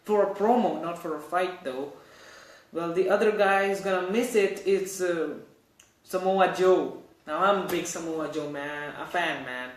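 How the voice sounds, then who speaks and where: A man with a fairly high voice runs a casual news show, rambling and stopping to correct himself. He sounds animated and loose. The room around him is noticeably echoey. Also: unhurried. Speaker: host.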